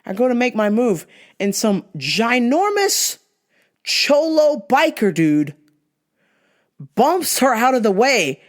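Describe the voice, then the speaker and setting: A woman vlogger telling a comic personal story, animated and profane, acting out the people she quotes. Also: a little high, slow, long pauses.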